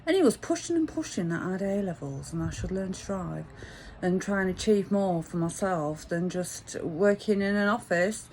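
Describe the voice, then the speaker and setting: A woman's voice: on the low side, lively intonation, normal speed, darkish tone, a little hiss or hum. A woman, telling a rambling, frank anecdote in a chatty way. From English Midlands. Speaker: vlogger. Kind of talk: casual storytelling monologue.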